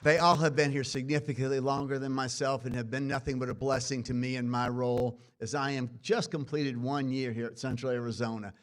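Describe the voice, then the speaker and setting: A man's voice: medium pitch, level tone, brisk, hardly any pauses. Brooklyn-accented man giving a folksy ceremony speech. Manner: folksy, emphatic, with rhythmic rhetorical lists. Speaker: dean hosting a student awards ceremony. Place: college event hall before a live audience.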